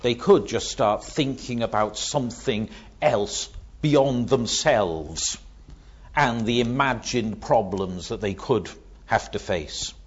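A man preaching a sermon, dramatic, swinging from hushed words to loud ones. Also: medium pitch, takes it slowly, husky, highs cut off.

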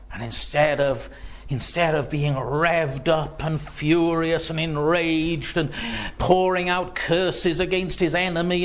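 Man preaching slow and earnest, slightly high voice, dull lo-fi recording. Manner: slow, earnest, voice drops to near-whisper when quoting. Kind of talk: sermon.

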